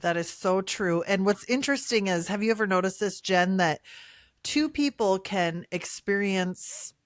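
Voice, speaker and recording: A woman's voice: mid-range voice, unhurried, no echo, clean studio sound. A woman co-hosting a faith podcast, affirming her sister and telling stories in an encouraging way. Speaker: podcast co-host. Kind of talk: faith podcast chat and storytelling.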